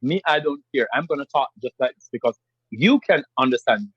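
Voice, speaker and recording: A man's voice: medium pitch, fairly quick, slightly rough, no echo, highs cut off. A man from Jamaica with a strong Jamaican accent, speaking as a guest in a podcast interview, explaining emphatically and repeating himself as he goes. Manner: emphatic, animated explaining with repetitions.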